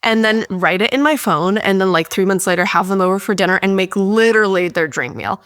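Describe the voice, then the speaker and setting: A woman cookbook author telling warm dinner-party stories on a podcast in an animated, gushing way. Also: medium pitch, fairly quick, dry recording, studio quality. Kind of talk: casual podcast conversation.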